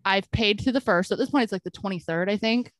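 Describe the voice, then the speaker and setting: With a medium-pitched voice and a fast delivery, this podcast co-host tells a story in casual conversation. She animatedly plays out the quoted exchanges, frequently using "I'm like", and the recording is dry.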